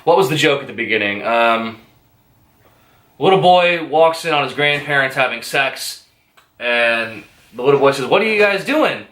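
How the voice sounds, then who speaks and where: Male reviewer, rambly and crude, bright voice, roomy echo. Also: mid-range voice, normal speed. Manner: rambling, profane, hesitant with many fillers. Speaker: movie reviewer. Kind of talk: casual spoken movie review.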